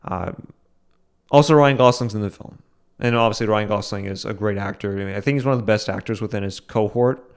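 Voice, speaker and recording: Low, smooth-voiced man rambling casually. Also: brisk. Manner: casual, rambling, frequent restarts and fillers. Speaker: podcast host. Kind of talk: solo podcast commentary.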